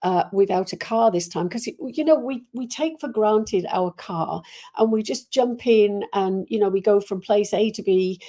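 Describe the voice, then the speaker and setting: A Welsh woman with a mellow, mid-range voice hosts a live stream at a moderate pace. She greets her viewers in rambling, casual chat full of fillers and restarts.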